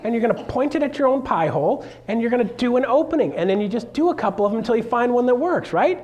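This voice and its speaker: A man coaching real estate agents in a live seminar, animated and joking, often checking in with the room with quick questions. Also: extremely high pitch, highs cut off.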